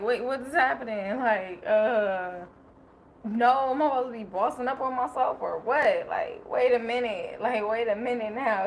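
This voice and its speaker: A woman's voice: a little high, a little hiss or hum, low-quality recording. Emotional, rambling woman on a livestream. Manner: emotional, rambling, laughs often. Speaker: livestream host. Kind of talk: casual personal livestream talk.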